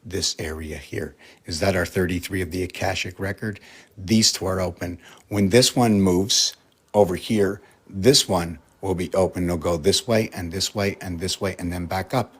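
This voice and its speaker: Low-voiced man rambling to camera. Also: moderate pace, fairly bright tone, breathy edge. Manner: musing, asks many rhetorical questions. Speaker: vlogger. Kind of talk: rambling casual explanation to camera.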